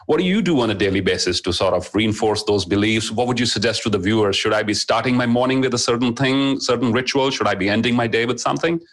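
A man's voice: medium pitch, quick pace, hardly any pauses, fairly bright tone. A man hosting an interview, asking questions with hesitant fillers and giving short affirmations. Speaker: interview host.

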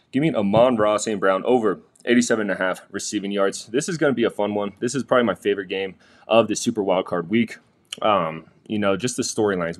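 A young man hosting a casual sports betting picks vlog from a quiet room in a busy house, chatty and talking straight to viewers. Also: on the low side. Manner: chatty, restarts sentences, addresses viewers directly.

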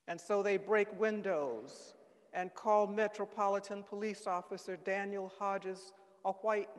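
A man giving a solemn, dramatic reading at a church service. He speaks gravely and deliberately and leans on key words. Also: high-pitched. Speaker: reader at a Good Friday service. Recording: long church reverb.

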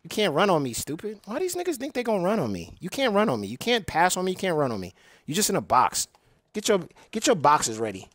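A boastful man trash-talks while he plays, crude and repetitive, and his pitch jumps around a lot. The sound is dry and close. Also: wildly swooping pitch, fast, fairly bright tone, no echo. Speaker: gaming streamer. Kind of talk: profane trash talk over gameplay.

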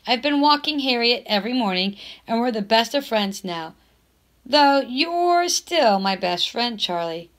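A woman's voice: on the high side, expressive, unhurried, a bit bright. Earnest young girl penning a friendly letter to her best pal, read by a woman, chatty and loyal. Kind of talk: reading a letter aloud from a novel.

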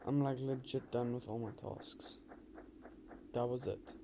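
A man giving casual commentary while playing a game, rambling and muttering to himself, sometimes quiet and sometimes loud. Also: medium pitch, steady tone, a little slow. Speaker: gamer with own channel. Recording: loud background noise.

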